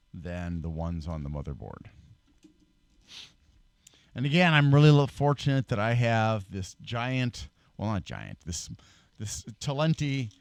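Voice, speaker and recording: Low-voiced, a man walks through building a PC in a casual demonstration, full of fillers, self-corrections, and dry self-deprecating remarks. His desk microphone gives a dry, close sound with no room tone, though his voice fades whenever he leans back from it.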